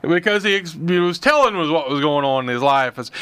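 A man's voice: a little high, lively intonation, brisk, fairly bright tone, clear, resonant tone, no room sound. A man co-hosting a Christian talk show, telling rambling stories full of fillers and restarts. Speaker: co-host.

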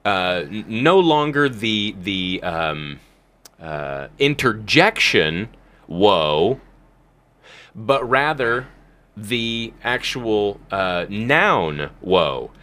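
A man's voice: lowish voice, a bit bright. A man hosting a Bible talk show, explaining scripture emphatically and speaking to listeners like a preacher. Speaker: podcast host. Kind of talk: casual Bible teaching.

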